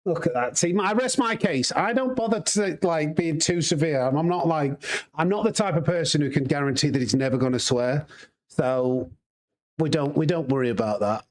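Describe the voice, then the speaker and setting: A man's voice: fairly high pitch, animated, moderate pace. A man with a Yorkshire accent, a sim racing streamer chatting casually and rambling to his live chat while he plays. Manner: chatty, rambling, laughs easily.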